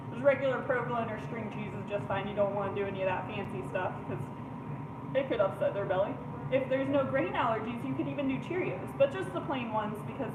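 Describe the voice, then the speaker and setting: A high-pitched woman teaches dog obedience outdoors, mixing friendly explanation with short commands to her dog. She is picked up from a distance by the camera, so her voice sounds roomy and echoey. Clear background noise sits under her speech. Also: narrow, tinny audio. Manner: gives quick commands to a dog between explanations, upbeat and chatty. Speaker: dog trainer. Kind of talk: outdoor dog training demonstration.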